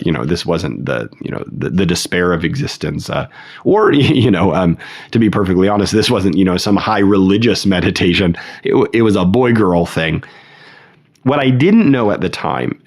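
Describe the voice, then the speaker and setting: Low, gravelly male teacher; reflective, casual poetry talk with verse read slowly. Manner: reflective, with many fillers and restarts; reads verse aloud slowly. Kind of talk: casual spoken lesson on poetry.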